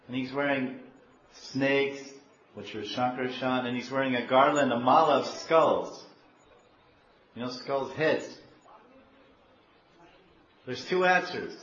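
A man preaching a devotional sermon, telling stories in an animated way, repeating himself and questioning the audience. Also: mid-range voice. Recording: dull echoey room, faint hiss.

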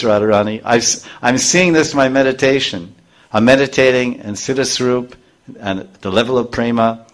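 A man's voice: medium pitch, moderate pace. A middle-aged man giving a scripture class to a live group, explaining verses line by line and briefly acting out the characters' voices. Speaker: spiritual teacher.

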